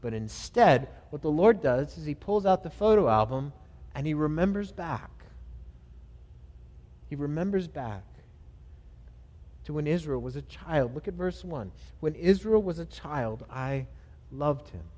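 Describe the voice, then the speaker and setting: A man preaching a sermon, reading scripture and praying earnestly, swelling to emphatic phrases and falling back soft. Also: on the high side, expressive, unhurried, long pauses. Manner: earnest, reads scripture aloud and leads prayer; builds to louder emphatic phrases, then drops soft. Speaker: pastor. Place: church sanctuary. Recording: long hall reverb.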